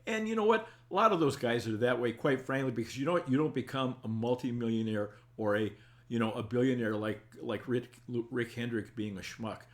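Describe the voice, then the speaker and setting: A man's voice: medium pitch, a little fast. An older man hosting a casual live-stream talk show, reading viewer comments aloud and answering in a folksy, rambling way.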